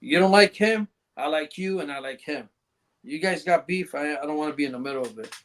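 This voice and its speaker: High-voiced man telling profane stories. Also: brisk, fairly bright tone. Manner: profane, laughing, rambling anecdotes. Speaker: podcast guest. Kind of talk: casual storytelling chat.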